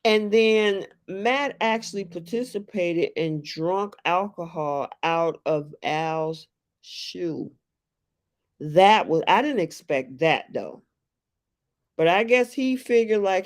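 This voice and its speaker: A host chatting casually on a live stream about a reality show, reading viewer comments aloud in an unhurried, conversational way. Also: medium pitch, animated.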